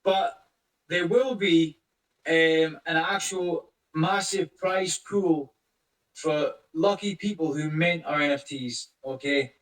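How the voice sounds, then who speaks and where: Man, casual voice chat host, rambling and cursing, high voice, distant from the mic. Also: slow pace, a bit bright, echoey room. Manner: rambling, swears a lot, greets listeners by name. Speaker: crypto project lead hosting a community voice chat.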